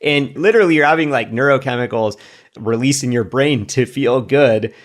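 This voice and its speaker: A man's voice: medium pitch, moderate pace. A man in his thirties co-hosting a podcast in a casual chat, talking animatedly and slipping into voices for quoted remarks. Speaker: podcast co-host.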